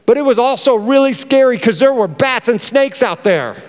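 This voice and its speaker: A middle-aged pastor, preaching a lively sermon and acting out his stories. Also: very high voice, moderate pace. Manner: animated, storytelling with acted-out exclamations. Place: church hall. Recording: reverberant church hall.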